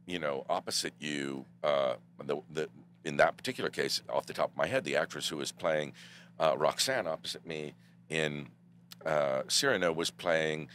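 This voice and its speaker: A man guest on a podcast, telling theater stories in a measured, theatrical way. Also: very deep voice, fairly bright tone, slight background noise. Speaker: guest actor. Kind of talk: casual storytelling.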